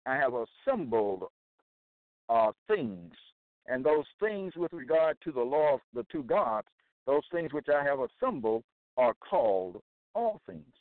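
Self-styled male preacher, measured scripture reader, thin phone-quality sound, dry. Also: medium pitch, big pitch swings, no echo. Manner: deliberate, quotes verses, checks in with "okay?". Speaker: self-styled religious teacher. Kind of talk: scripture-reading monologue. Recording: tinny phone-like dry recording.

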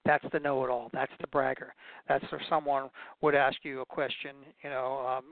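A man hosts a show, giving casual, folksy advice as an expert witness and telling stories with many restarts, in a casual instructional way. His mid-range voice is flat and paced normally, and the dry recording has a tinny, phone-like sound.

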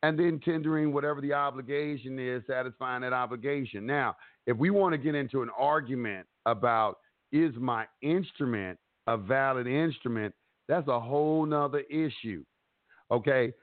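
A man hosting a casual instructional chat, animated and repetitive, acting out what he says in court. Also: mid-range voice, normal speed, no echo. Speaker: host giving advice. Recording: dry tinny phone-like audio.

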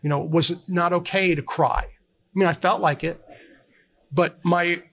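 Gravelly, earnest middle-aged man. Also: high voice, steady tone, fairly bright tone. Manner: earnest, halting with many restarts. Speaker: guest, fire service counselor. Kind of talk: candid conversational interview. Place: live podcast at a trade conference.

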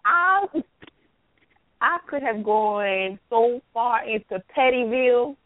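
A woman's voice: a little high, slow pace. A woman host with a Southern American accent, chatting casually and teasing with laughter. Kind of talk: casual chat. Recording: tinny phone line.

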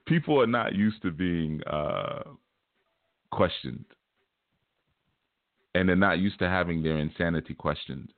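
A man's voice: low-pitched, animated, measured pace, gravelly, pauses often, no room sound. A man hosting a spiritual teaching show, talking in a casual, laid-back, streetwise way and often repeating his phrases. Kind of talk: casual livestream talk. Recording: tinny phone-like dry sound.

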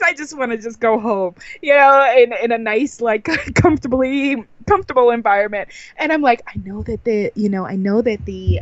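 A woman guest in a casual podcast interview, telling a story and acting out her own reactions with big, excited jumps in her voice. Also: fairly high pitch, no room sound, dull audio.

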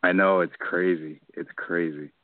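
Deep-ish guy going let's see let's see, bouncy tone, phone-call sound. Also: steady tone, unhurried, dry recording. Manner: deliberating aloud, enthusiastic. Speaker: podcast co-host. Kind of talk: casual chat. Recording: tinny phone line, dry.

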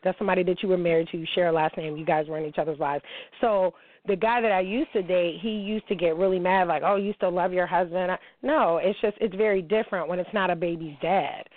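A middle-aged woman hosting a show, telling a candid story in a blunt, animated way, full of slang and swearing. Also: on the low side, fast, dry recording. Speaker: show host. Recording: tinny phone-like line.

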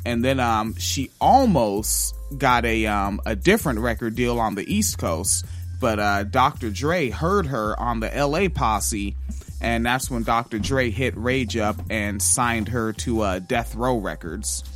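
A man's voice: medium pitch, expressive, a little slow, a bit bright. A man hosting a podcast, talking loosely about music history with plenty of swearing and filler words. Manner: loose and profane, with many ums and uhs. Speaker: podcast host. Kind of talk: casual music-history commentary.

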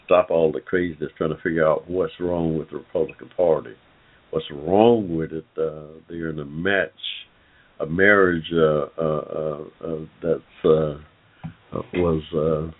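Deep-voiced man on a tinny phone line. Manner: rambling, frequent "uh" fillers, addresses listeners as "y'all". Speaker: online forum host. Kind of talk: casual talk-show commentary.

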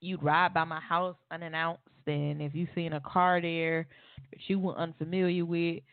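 A woman's voice: fairly low pitch, flat delivery, normal speed, smooth, no room sound. A woman guest on a talk show, bluntly and profanely recounting a personal story with wry laughs. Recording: tinny phone-line audio.

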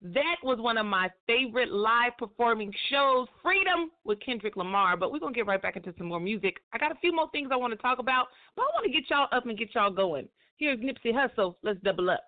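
A woman's voice: a little high, animated, brisk, few pauses. A woman hosting a live radio talk show, chatty and upbeat with casual slang. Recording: tinny phone-like line.

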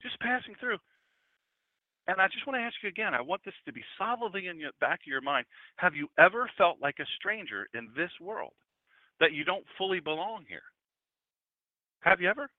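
A pastor in his fifties gives a casual, conversational sermon in a church room, chatting with his congregation. His voice is high with big pitch swings and a moderate pace. The recording has no echo but sounds tinny, like a phone.

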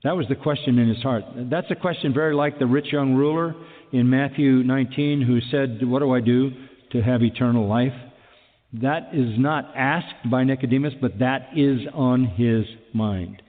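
A man's voice: medium pitch, moderate pace, big-room sound, phone-quality sound. A man preaching a sermon emphatically, repeating key phrases and asking rhetorical questions.

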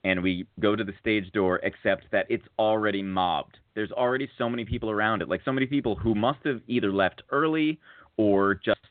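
A man on a podcast telling a long casual story, full of fillers and restarts, getting excited at the funny parts. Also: on the low side, fairly quick, dry recording. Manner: rambling, filler-heavy, rises to excited laughter at funny moments. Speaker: podcast co-host. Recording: tinny phone-like audio.

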